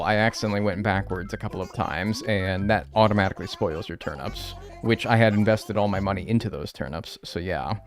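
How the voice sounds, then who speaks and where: A man streaming a game live, chatting casually and joking with his chat from his room. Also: lowish voice.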